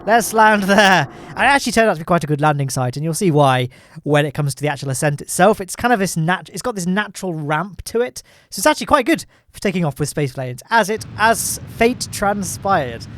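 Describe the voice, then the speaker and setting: A man's voice: a little high, very animated, a little fast, a little hiss or hum. A man giving jokey, self-deprecating commentary over gameplay footage, chuckling often. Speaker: gaming YouTuber.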